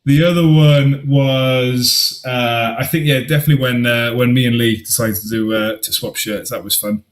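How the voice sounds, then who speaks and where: A man appears as a guest on a casual podcast, his voice sitting at an ordinary male pitch. He tells stories with enthusiasm and laughs easily. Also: fairly even intonation, moderate pace. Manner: enthusiastic storyteller who laughs often. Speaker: podcast guest, tournament organizer. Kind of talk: casual chat.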